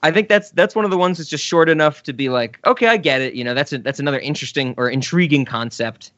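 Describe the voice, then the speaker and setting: A man co-hosting a podcast, chatting casually about comedy sketches, laughing often and letting his words trail off softly. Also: a little high, quick pace, no echo, muffled recording. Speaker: podcast co-host. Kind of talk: casual chat reviewing sketches.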